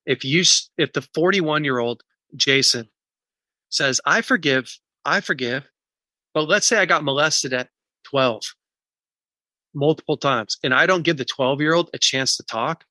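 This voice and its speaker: A man's voice: fairly high pitch, moderate pace, pushed and bright, dry recording. A man speaking as an interview guest, earnest and explaining his points through examples. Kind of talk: casual interview talk.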